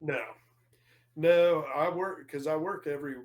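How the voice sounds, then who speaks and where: A man's voice: a little high, fairly even intonation, a little slow, a little mellow. Rambling man telling stories, lots of fillers. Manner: rambling storyteller, many fillers and restarts. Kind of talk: casual podcast chat.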